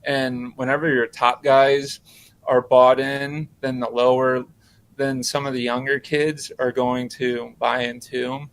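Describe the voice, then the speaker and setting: A man who coaches high school basketball, answering interview questions in a halting way, often repeating words. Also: level tone.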